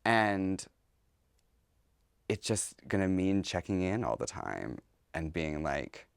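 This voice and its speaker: A man's voice: low voice, very animated, slow, gravelly, pauses often, no echo, clean studio sound. A man, a drag performer, talking candidly as a podcast guest and slipping into other people's voices while telling stories. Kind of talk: casual interview.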